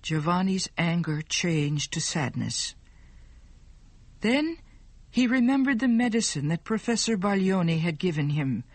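Woman, storybook narrator, very slow, clear, dry recording. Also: on the low side, very animated, dry recording.

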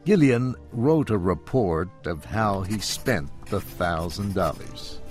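Low-voiced guy reading a story really slowly, faint music behind. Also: lively intonation, a little mellow. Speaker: narrator. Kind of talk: scripted narration of a story.

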